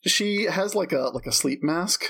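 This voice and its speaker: Husky man narrating a tabletop game. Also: high voice, measured pace, fairly bright tone. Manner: hesitant, filler-heavy narration. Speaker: game master.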